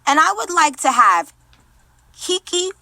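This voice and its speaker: A brash woman hosts a radio show in casual, profane chat. Her voice sits high and bright, and it swings widely up and down as she talks. She speaks into a studio microphone. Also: takes it slowly, creaky, no room sound. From Queens, New York. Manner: loud, brash and profane, animated.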